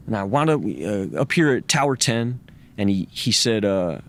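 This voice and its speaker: A man's voice: fairly low pitch, animated. A man telling a candid personal story in an interview, swearing freely, stumbling over repeated words and acting out what others said. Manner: profane, halting, repeats words, acts out quoted speech. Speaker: interview guest.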